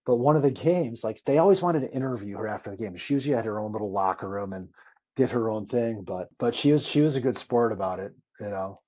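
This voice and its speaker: A man, a former hockey player, telling stories in a casual interview, animated and swearing freely as he acts out old quotes. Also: lowish voice, fast talker, highs cut off.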